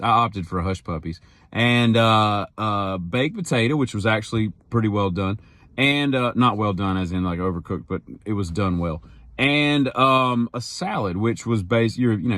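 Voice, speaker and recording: A man's voice: medium pitch, no echo. Middle-aged man, mid-range voice, dry room sound, wry rambling storyteller. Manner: rambling, wry, jumps to loud mock-outraged quotes. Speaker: daily vlogger. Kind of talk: casual storytelling monologue.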